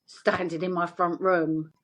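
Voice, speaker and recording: A woman's voice: on the low side, unhurried. Woman telling her story animatedly. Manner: animated, acts out quoted voices. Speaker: guest. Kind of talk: storytelling interview.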